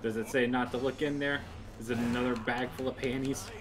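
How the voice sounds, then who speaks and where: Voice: mid-range voice, steady tone, brisk, slight background noise. A friend chatting along during a gaming session, telling stories and making crude, teasing jokes. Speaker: co-commentator friend. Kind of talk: casual gaming chat.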